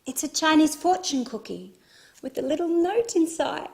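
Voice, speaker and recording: Flustered young woman in love, high voice, chatty, played by an actress. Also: animated, normal speed, gravelly, a little mellow. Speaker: actress in a teaching drama. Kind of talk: scripted dialogue for learners.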